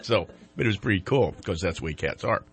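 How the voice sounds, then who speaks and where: A man's voice: sits low, animated, fast talker, breathy edge. A man hosting a TV morning show, chatting casually and telling rambling jokes. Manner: joking, rambling storyteller. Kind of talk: casual chat.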